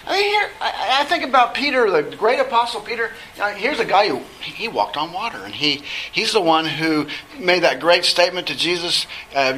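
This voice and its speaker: A man's voice: fairly high pitch, pushed and bright, slight background noise, rough recording. A man teaching a Bible study lesson, talking conversationally and putting questions to the class. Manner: conversational, asks the class questions, halting restarts.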